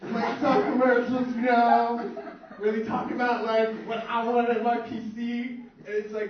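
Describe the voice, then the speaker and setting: A man's voice: sits high, fairly even intonation, moderate pace, slight background noise. Young man doing crude stand-up. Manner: crude, boastful storytelling with put-on voices for others. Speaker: stand-up comedian. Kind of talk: stand-up comedy set. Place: small club stage. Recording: echoey, distant, dull lo-fi room recording.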